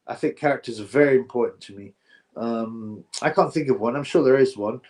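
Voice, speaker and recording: A man chatting on a live stream in a plain mid-pitched voice. He reads out viewer comments and gives blunt, opinionated takes in loose, rambling banter full of filler. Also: a little fast, darkish tone. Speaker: live-stream boxing host. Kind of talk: casual live-stream chat, reading viewer comments aloud.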